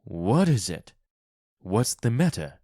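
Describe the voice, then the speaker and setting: A man's voice: on the low side, slow, a little mellow, no echo, studio quality. A man doing a tired, frightened old husband. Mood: urgent. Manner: firm, pleading warnings.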